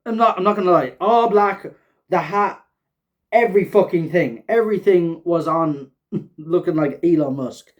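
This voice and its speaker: A man's voice: sits high, moderate pace, highs cut off. A man hosting a casual reaction recap of an episode, rambling with lots of fillers and frequent swearing. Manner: rambling, filler-heavy, swears often, laughs while talking. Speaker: show host reviewing an episode.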